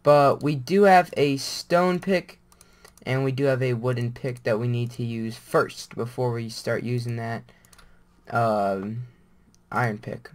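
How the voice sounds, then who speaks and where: A man's voice: mid-range voice, fairly even intonation, slow pace. A man giving casual gameplay commentary, rambling and thinking aloud as he plays. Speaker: gamer.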